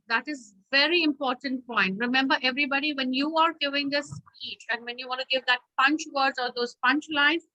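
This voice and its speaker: High bright-voiced woman teaching online. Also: moderate pace, few pauses, low-quality recording. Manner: firm, instructive, repeats checks like "okay?". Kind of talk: online class instruction. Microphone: video call.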